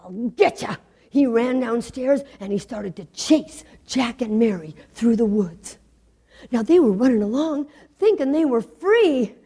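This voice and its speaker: A woman telling a folktale in an expressive, rhythmic way with sound effects. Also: a little high, measured pace, husky. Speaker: storyteller. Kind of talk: folktale storytelling.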